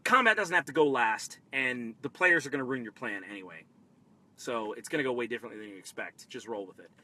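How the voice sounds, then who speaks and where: A man hosting a live tabletop-game advice stream, energetic and excitable, swinging between loud bursts and quiet asides. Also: medium pitch, fairly quick. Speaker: host.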